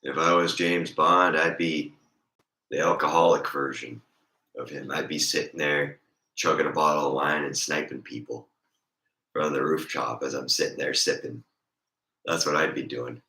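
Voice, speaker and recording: A hoarse, congested man with a raspy voice, rambling and joking in a casual chat as a streamer. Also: very deep voice, level tone, moderate pace, sharp tone, roomy sound.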